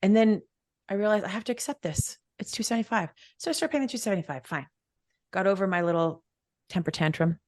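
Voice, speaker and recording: Fast-talking woman, emphatic storyteller. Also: medium pitch, dry recording, clean studio sound. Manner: acts out quoted dialogue, emphatic and repetitive. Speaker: podcast guest, wealth mentor. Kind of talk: animated personal storytelling.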